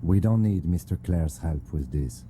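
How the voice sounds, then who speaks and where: A man's voice: sits low, lively intonation, unhurried, mellow, slight background noise. A man voicing a stern, formal police lieutenant. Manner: clipped and stern.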